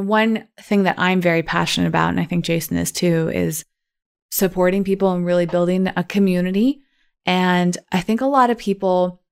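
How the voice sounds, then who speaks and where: A woman's voice: on the low side, gravelly, clear, resonant tone. A woman co-hosting a podcast, talking in a thoughtful, rambling way with many fillers. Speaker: podcast co-host. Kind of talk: casual chat.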